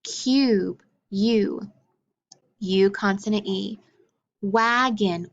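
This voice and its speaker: A woman teacher leading a phonics lesson for young learners, clearly sounding out words and letters. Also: mid-range voice, fairly even intonation, extremely slow, fairly bright tone, lo-fi sound.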